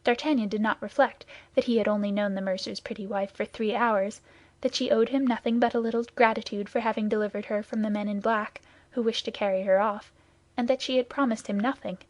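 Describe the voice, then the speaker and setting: A woman reading a classic novel aloud in steady, measured scripted narration on a close mic. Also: on the high side, no room sound. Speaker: audiobook reader.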